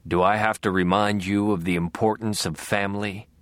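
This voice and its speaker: A man voicing a menacing killer brother who speaks slowly and mockingly. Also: steady tone, fairly bright tone, dry recording, close to an everyday voice. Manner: slow, low, darkly mocking.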